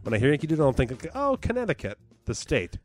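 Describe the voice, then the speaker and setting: A man's voice: mid-range voice, very fast, a little mellow. A man co-hosting a podcast in casual chat, arguing his points with mock seriousness. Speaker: podcast co-host.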